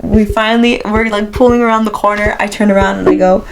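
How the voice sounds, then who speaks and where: A young woman chats casually as a podcast co-host, spinning a story with giggles, fillers and restarts. Her voice sits at an ordinary pitch for a woman. A faint hiss runs under the recording. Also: steady tone, quick pace, poor audio. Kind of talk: casual chat.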